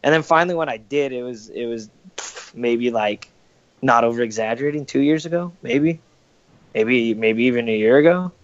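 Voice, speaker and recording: A man's voice: mid-range voice, normal speed, highs cut off. A man telling a rambling, profane story in casual podcast chat. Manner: profane, rambling, acts out quoted voices.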